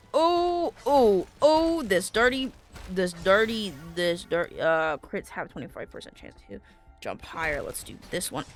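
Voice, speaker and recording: A woman streaming a video game live, excitable and quick to swear, jumping from yelps to low muttering as she plays and thanks her chat.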